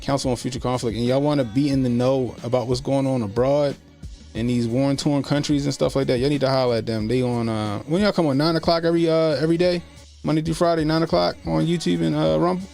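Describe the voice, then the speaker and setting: Gravelly man hosting a livestream. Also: medium pitch, steady tone, fast talker, a little mellow, soft background music. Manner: laid-back slangy banter, laughs often. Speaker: livestream host. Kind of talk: casual livestream chat.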